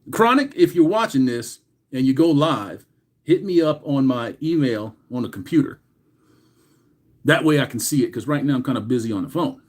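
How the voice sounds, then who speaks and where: A middle-aged man hosting a casual livestream, greeting chatters by name loudly and swearing crudely. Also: fairly high pitch. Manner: reads chat names aloud with loud greetings, crude swearing. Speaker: livestream host.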